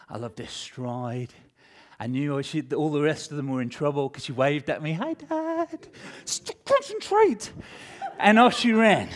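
Here a pastor in middle age tells a story from his own life during a sermon, animated and emotional, his volume rising loud and dropping to a hush. The pitch is somewhat high.

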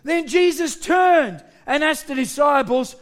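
A middle-aged man preaching a sermon to his congregation, joking with them and shouting key points for emphasis. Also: very high voice, unhurried. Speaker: pastor.

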